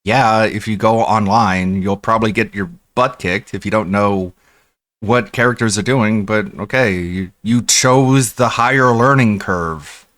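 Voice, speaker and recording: A man's voice: fairly low pitch, unhurried, a bit bright, dry recording. Man, sarcastic reaction commentary, heckling, dry unroomy sound. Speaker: streamer reacting to videos.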